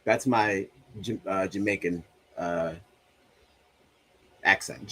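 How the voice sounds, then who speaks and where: In a mid-range, animated voice with a breathy edge, a man hosts a casual livestream at a measured pace. He reads out viewer comments with loose banter and jokes, talking to himself about his broken soundboard.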